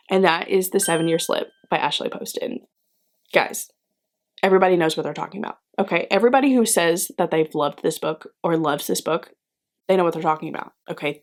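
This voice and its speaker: A woman giving a casual book review vlog. She is chatty and gushing, repeats lines for comic emphasis, and talks straight to her viewers as friends. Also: fairly low pitch.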